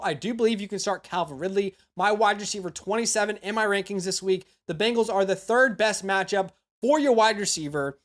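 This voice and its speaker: A man with a high, slightly bright voice hosts a fantasy football show, running through his picks in a loose, chatty style. He keeps peppering the analysis with "you know" and "all right?" asides aimed at the viewer, unscripted and casual.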